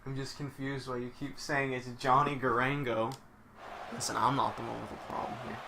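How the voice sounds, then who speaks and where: A young man commentating a wrestling video game on a live stream, excitable and swearing a lot, shouting one moment and muttering the next. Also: medium pitch, moderate pace, gravelly, noisy background.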